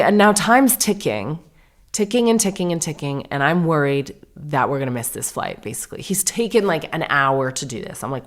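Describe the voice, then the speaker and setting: A woman's voice: deep voice, big pitch swings, moderate pace. A woman podcast host in her thirties, chatty and self-deprecating, telling a long story and acting out the dialogue. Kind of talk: casual storytelling monologue.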